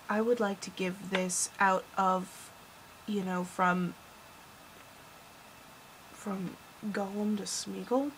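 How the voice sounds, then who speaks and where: A teenage girl giving a casual, gushing film review vlog, rambling, dropping into whispers and then bursting out louder. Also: mid-range voice, slight background noise, low-quality recording. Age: teens. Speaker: vlogger.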